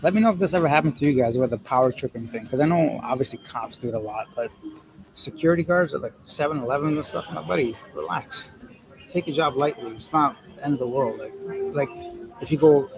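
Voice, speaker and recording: A man's voice: mid-range voice, fast, low-quality recording. Joking man live-streaming from a busy airport. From Canada. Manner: joking, rambling, candid. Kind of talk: casual live-stream chat, reading viewer comments. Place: airport transit area. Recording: busy airport crowd noise. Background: crowd chatter and PA announcements.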